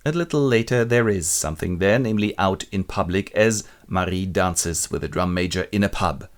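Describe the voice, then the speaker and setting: A man's voice: low-pitched, moderate pace. A man retelling a classic play in a wry, colloquial, comic way. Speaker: literature presenter.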